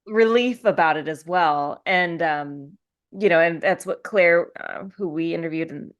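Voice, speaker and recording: A woman with a slightly low voice co-hosts a casual podcast chat. She is encouraging and talks her way through her thoughts, restarting sentences as she goes. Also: measured pace. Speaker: podcast co-host.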